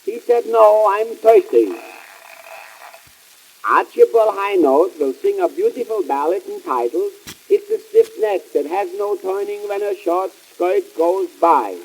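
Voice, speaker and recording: A man playing Cohen, a wisecracking immigrant comic businessman, in 1920s vaudeville comedy record style with deadpan punchline patter. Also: sits high, measured pace, a little hiss or hum, full character voice, rough recording. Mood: announcing.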